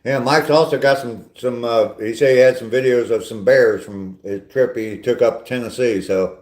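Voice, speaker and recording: A man's voice: medium pitch, fairly even intonation, normal speed, a little mellow, roomy sound. An older man hosting a casual live stream on a walk, chatting with viewers in a rambling, self-deprecating way. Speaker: vlogger reading live chat.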